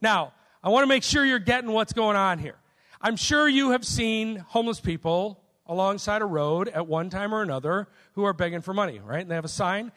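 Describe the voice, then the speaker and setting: High-voiced preacher in a reverberant hall. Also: male voice, animated, brisk, a bit bright. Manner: conversational, often checks in with "right?". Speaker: pastor. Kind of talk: sermon.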